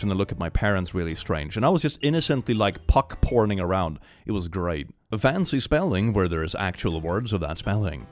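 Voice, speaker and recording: A man hosting a comedic reaction commentary, reading posts aloud and reacting in an animated, profane way with laughter and shrill outbursts. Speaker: host.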